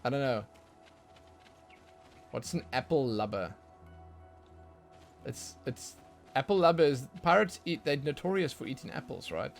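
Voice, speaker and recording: This medium-pitched gamer speaks unhurriedly with vocal fry and long pauses while livestreaming, faint music behind him. He chats casually and rambles, repeating words, with sudden bursts of excitement.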